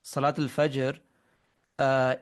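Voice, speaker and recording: A man's voice: medium pitch, level tone, slow pace. A man teaching Arabic grammar in an online webinar lesson, explaining step by step, quizzing his students and often restarting his sentences.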